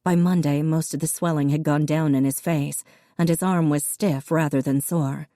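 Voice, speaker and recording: This audiobook narrator is a woman whose voice sits low, telling the story in an even, measured way. The recording is dry, with clean studio sound.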